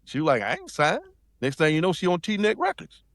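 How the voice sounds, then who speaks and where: A man's voice: a little high, wildly swooping pitch, fairly quick, fairly bright tone, no echo, studio quality. A man from South Carolina, telling a story in casual chat and acting out quotes in shifting voices. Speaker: podcast guest.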